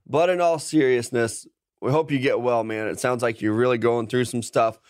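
A man's voice: mid-range voice, fairly even intonation, moderate pace, clean tone, dry recording, studio quality. Teasing, easygoing male co-host. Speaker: podcast co-host. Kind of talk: casual sports podcast chat.

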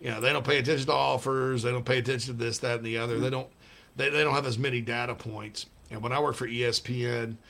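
A man's voice: medium pitch, fairly even intonation, fast talker, vocal fry, fairly bright tone. A middle-aged man hosting a casual sports talk show, rambling and reading out listener messages. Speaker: sports radio host.

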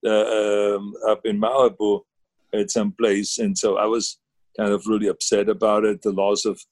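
A man's voice: fairly low pitch, level tone, moderate pace, darkish tone, no echo. A man, chatting casually as a guest on a video call, rambling with many fillers and restarts. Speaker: guest, former governor.

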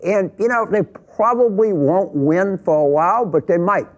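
A man's voice: sits high, moderate pace, dull audio. A man arguing emphatically on a studio panel, repeating points and pushing his voice up when pressed. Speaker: panel guest. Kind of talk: heated panel discussion.

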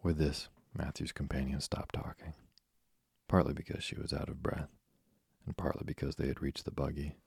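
A man narrating a bedtime story in a slow, soothing reading. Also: extremely low pitch, steady tone, vocal fry, darkish tone, breathy edge, no room sound, clean studio sound.

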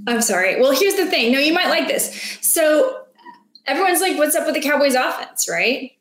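High-voiced animated woman in an echoey room. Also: normal speed. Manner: animated, playful, rambling. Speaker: sports podcast co-host. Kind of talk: casual sports chat.

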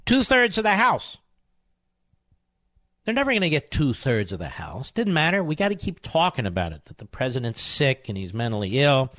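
A man hosting a political talk radio show, combative and emphatic, with sudden high outbursts. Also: wildly swooping pitch, moderate pace, sharp tone.

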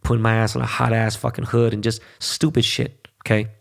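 Gravelly, blunt, profane man. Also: on the low side, flat delivery, a little fast. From United States. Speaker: podcast host. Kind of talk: casual podcast monologue.

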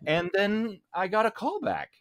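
This Broadway actor speaks a touch slowly while being interviewed, spinning relaxed anecdotes. He's animated, leaping in pitch as he performs quotes. No echo is audible.

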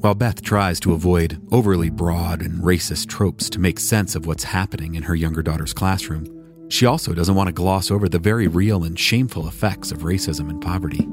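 Male documentary narrator, low voice, measured scripted read, over music. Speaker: podcast narrator. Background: music bed.

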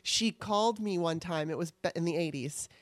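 A woman's voice: on the low side, normal speed, dry recording. Candid rambling middle-aged woman, dry sound. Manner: candid, rambling, swears freely. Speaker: podcast co-host. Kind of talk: casual chat.

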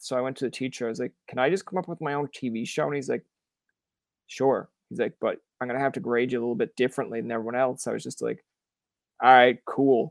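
A young man from Canada hosts a podcast in a relaxed, talkative way. He riffs through stories, acts out what people said, and swears without a second thought. His voice sits in a middle pitch, recorded close and dry with no room sound. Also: no room sound. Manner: animated storyteller who acts out quoted voices, swears freely. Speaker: podcast host. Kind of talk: casual interview chat.

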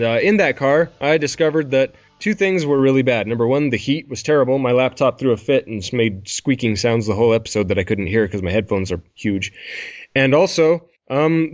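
A male podcast host rambles through casual gaming chat, poking fun at himself and laughing along the way. His voice sits at an ordinary pitch, and the recording sounds dull and lo-fi. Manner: rambling, self-deprecating, laughs often.

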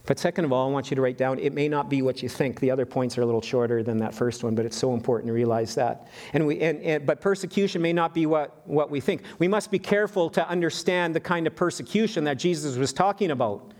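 Animated man preaching a sermon. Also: a little high, fast. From western Canada. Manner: lively, animated, with frequent restarts and repeated words. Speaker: pastor.

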